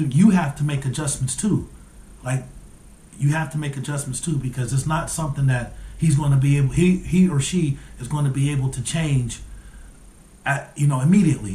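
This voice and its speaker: A man's voice: medium pitch, mellow, reverberant, a little hiss or hum. A man in his forties speaking earnestly in a reflective casual monologue, often repeating words as he searches for the right phrasing. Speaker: vlogger formerly incarcerated, working with parolees.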